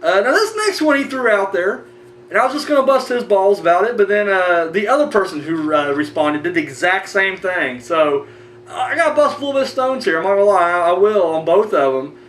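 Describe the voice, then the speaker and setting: A man with a high, very animated voice hosts a horror movie review show, talking fairly quickly in a fairly bright tone. He chats and rants casually, rambling, swearing, and often restarting his sentences. The sound is roomy, from a distant mic, with a faint hum.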